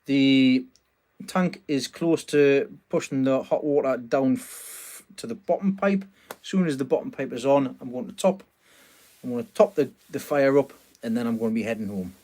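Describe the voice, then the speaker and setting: A man's voice: medium pitch, normal speed, darkish tone. A man chatting casually on a live stream from a small greenhouse at night, greeting viewers and laughing often. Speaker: vlogger hosting a live stream.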